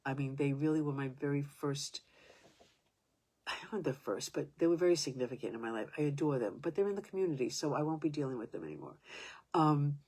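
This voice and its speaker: A woman in her seventies telling a personal story in a halting way, restarting sentences and sometimes dropping to a whisper. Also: sits low, animated, darkish tone. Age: 70s.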